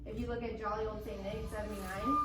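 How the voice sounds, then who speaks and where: A woman's voice: mid-range voice, flat delivery, fast. A woman leading a school band class, upbeat and encouraging, talking casually with plenty of "like" as she explains the music. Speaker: band teacher. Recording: echoey room from a distance.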